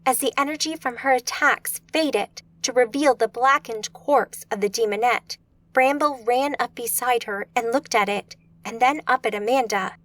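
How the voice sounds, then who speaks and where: A woman reads an urban fantasy audiobook with steady, measured pacing. Her voice sits somewhat high, recorded close and dry with no room sound. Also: no echo. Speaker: audiobook narrator. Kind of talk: scripted audiobook narration.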